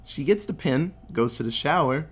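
Man, casual movie recap, animated storyteller, profane, acts out quotes. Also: a little high, normal speed, breathy edge. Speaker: podcast co-host recapping a film.

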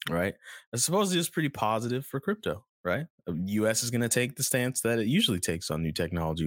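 Low-pitched guy hosting a podcast, rambling and jokey, dry close sound. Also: very animated, fast talker, a bit bright, no echo. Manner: rambling and playful, jumps between topics. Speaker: podcast host. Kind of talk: casual chat.

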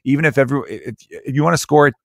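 A man's voice: mid-range voice, fast talker, vocal fry, dry recording. Man for a casual podcast chat, rambling with restarts and a dry close sound. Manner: rambling, many restarts, animated when quoting others.

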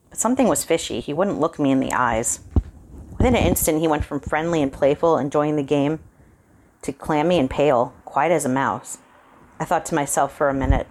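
A woman reading a spooky short story aloud, calmly narrating in the first person. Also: deep voice, a little fast.

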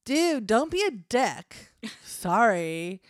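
A woman doing a smug, laid-back devil roommate who drawls in a Valley Girl accent and teases his housemate. The voice is loud and recorded dry and close. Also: fairly high pitch, very animated, drawn-out words, clean tone, dry recording, full character voice. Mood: teasing drawl. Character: Steve, a slacker male devil roommate. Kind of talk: comedy podcast script reading.

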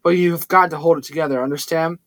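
A man voicing a blunt, gruff young guy. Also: fairly high pitch, fairly even intonation, fast, no echo, close to an everyday voice. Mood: stern. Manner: gruff and forceful.

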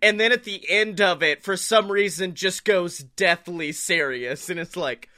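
A man co-hosting a casual wrestling podcast, talking in an animated way, swearing freely and laughing often. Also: sits high, a little slow. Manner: animated, swears a lot, laughs often, does silly impressions. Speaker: podcast co-host.

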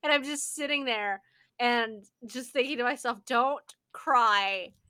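A young woman co-hosting a podcast, telling stories in animated casual chat with frequent laughter and swearing. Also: on the high side, normal speed. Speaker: podcast co-host. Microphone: podcast microphone.

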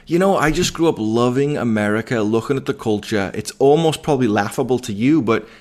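A man's voice: medium pitch, animated, fairly quick, darkish tone. An English man in his forties hosts a podcast interview. He talks in an upbeat, joking way and keeps the chat light. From England. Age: 40s. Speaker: podcast host.

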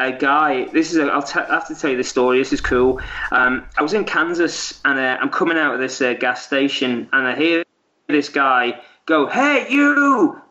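A man's voice: mid-range voice, pushed and bright. A man, a guest, telling a story in a casual, rambling way with lots of fillers and restarts. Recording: dull lo-fi audio.

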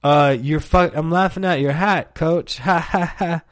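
Cheeky giggling teen boy, as a man puts him on, higher voice. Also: measured pace, close to an everyday voice. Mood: giggly. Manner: sheepish, giggling. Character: giggly teenage boy football player, cheeky.

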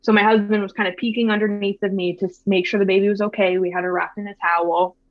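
A woman in her thirties telling her own birth story in a soft, reflective way, with lots of fillers and restarts. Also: medium pitch, flat delivery, fast talker, no room sound. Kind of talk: casual personal storytelling. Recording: slightly dull, dry sound.

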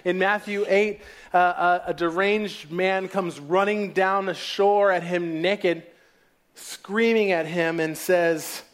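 A man preaching a sermon, telling stories and dropping to quiet asides. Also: sits high, steady tone, takes it slowly.

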